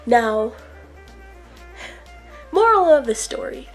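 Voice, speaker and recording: A woman vlogger telling an exasperated story in a casual rant, animated as she acts out what people said. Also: on the high side, takes it slowly, soft background music, low-quality recording. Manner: exasperated, animated retelling with acted quotes.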